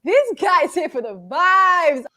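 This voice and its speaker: A woman on a panel chatting casually, teasing loudly with bursts of shouting and laughter. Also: extremely high pitch, big pitch swings, a little slow, a little hiss or hum. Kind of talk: casual chat.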